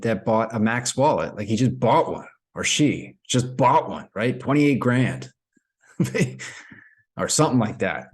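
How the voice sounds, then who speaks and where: A man talks casually to camera and rambles through his explanations. His voice sits at an ordinary pitch for a man, and he keeps an easygoing, unscripted flow. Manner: rambling, with many fillers and restarts. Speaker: crypto vlogger.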